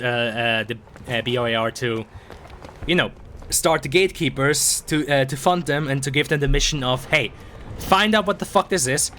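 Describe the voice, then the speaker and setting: A hoarse young man from Sweden, rambling excitably and swearing while commenting on a game he streams. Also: medium pitch. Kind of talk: casual gameplay commentary. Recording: stream mic with game noise behind. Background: game sounds.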